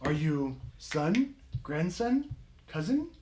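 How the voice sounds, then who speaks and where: A wrinkled, crazy-eyed old woman with a high, sing-song cackle, as a game master puts her on. she lurches between a murmur and sudden loud outbursts, slow and drawn out on odd words. a scowling ruler of a junkyard fort in a tabletop game. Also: very animated, slight background noise. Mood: eerie. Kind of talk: game master voicing a character.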